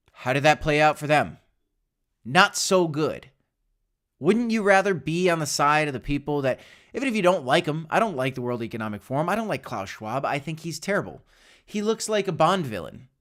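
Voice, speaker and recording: Speaking directly to viewers on his crypto livestream, a man with a fairly bright, higher-pitched voice gives casual, opinionated commentary. He frequently restarts sentences and corrects himself.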